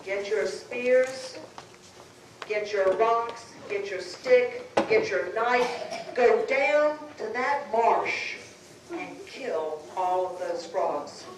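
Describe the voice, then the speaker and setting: A woman's voice: mid-range voice, expressive, drawn-out words. Woman playing a bullying tyrant chief barking orders. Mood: commanding. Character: mean tyrant village chief, male, middle-aged. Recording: echoey room, far mic, background noise.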